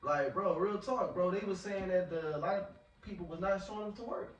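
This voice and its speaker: A man's voice: sits high, fairly quick, dull audio. A man preaching in a casual, slangy way, often repeating words as he talks. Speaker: street preacher. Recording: echoey, from far off.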